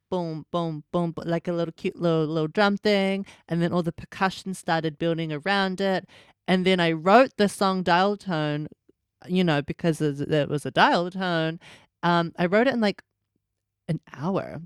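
A woman's voice: on the low side, smooth, no echo, studio quality. A woman musician chatting casually in an interview, full of fillers and restarts. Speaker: musician guest.

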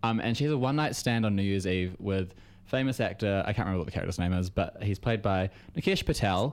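A man's voice: lowish voice, fast. A young man from New Zealand chatting enthusiastically as a podcast panelist, with lots of fillers. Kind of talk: casual chat.

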